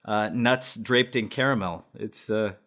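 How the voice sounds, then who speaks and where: A man co-hosting a comedy podcast, riffing in a dry, deadpan way. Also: lowish voice, measured pace. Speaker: co-host. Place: remote, not in the same room as co-host.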